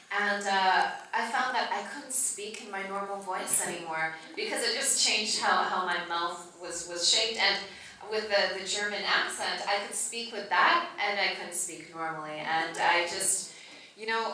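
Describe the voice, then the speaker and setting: A woman director answering audience questions at a film Q&A, telling stories in a lively, profane way. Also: mid-range voice, unhurried, slight background noise. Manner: profane, animated storytelling. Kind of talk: Q&A panel answers. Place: large cinema theater. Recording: echoey theater from far off.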